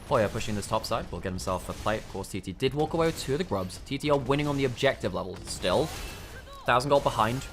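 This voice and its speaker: A man with an English accent calls a live esports match at a brisk clip, explaining team fights in an analytical, lightly joking way. Faint music sits underneath his voice. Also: mid-range voice, lively intonation, a bit bright. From England. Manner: analytical, quick, dry humour. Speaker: esports commentator. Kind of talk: live play-by-play and analysis commentary.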